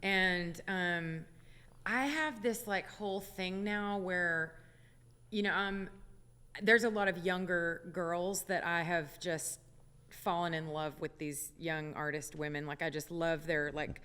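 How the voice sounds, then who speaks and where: A woman's voice: on the low side, fairly even intonation, takes it slowly, sharp tone, clear, resonant tone, in a large hall. A woman singer chatting as a radio interview guest, with many fillers and laughs, in a studio. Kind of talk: casual radio interview chat.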